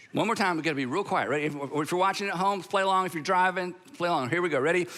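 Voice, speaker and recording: A male pastor in his sixties delivering a sermon with emphatic pauses, leading the congregation to repeat phrases aloud. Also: sits high, slight background noise. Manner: animated, emphatic, pauses for effect; leads the congregation in call-and-response practice.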